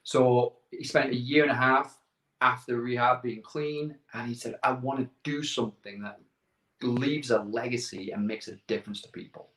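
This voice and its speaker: Middle-aged man guest, lively storyteller, voices the quotes, mid-pitched, roomy echo. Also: moderate pace. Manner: animated anecdotes with quoted dialogue, repeats words. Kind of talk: casual storytelling interview. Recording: echoey room.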